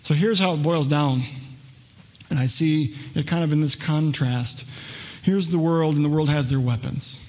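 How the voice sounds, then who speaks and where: A man's voice: a little high, moderate pace. Earnest male pastor preaching a sermon. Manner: earnest, shifts between raised intensity and hushed softness. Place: church sanctuary.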